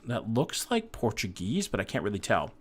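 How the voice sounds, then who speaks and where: A man streaming a map-guessing game in casual chat, reading viewer messages aloud, joking and swearing freely, with bursts of excited hype between calmer guessing. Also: lowish voice, moderate pace, slightly rough.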